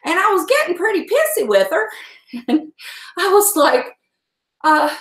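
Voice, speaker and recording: Hosting a livestream from her home kitchen, a high-voiced, middle-aged woman with a drawl talks casually and saltily, laughing often and swearing freely. She is very animated and chatty, drawing out words and taking long pauses, with a fairly bright tone that bounces around the echoey room.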